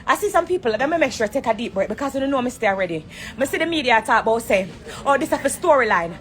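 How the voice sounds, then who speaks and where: A Jamaican woman, an entertainer on a social media live, rants from a corner of an airport on her phone stream. She's blunt, confrontational and swears freely in this heated rant. Her high voice is sing-song and very fast.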